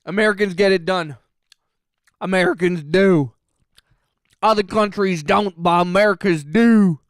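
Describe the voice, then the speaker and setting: A man putting on the voice of a loud, boastful patriotic American man, chanting a slogan. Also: high-pitched, measured pace, dry recording, clean studio sound.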